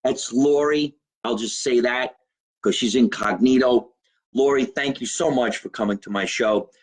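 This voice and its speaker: A man's voice: medium pitch, measured pace, rough recording. A male comedian, hosting his own live show from a home basement, rambling brashly, swearing and greeting viewers by name. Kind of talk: loose livestream chat to viewers.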